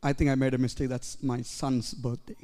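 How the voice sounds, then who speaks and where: A man preaching a sermon as a pastor, earnest and rising at times to shouts, in a church hall. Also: mid-range voice, flat delivery, normal speed, a little hiss or hum. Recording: long reverb in a church hall.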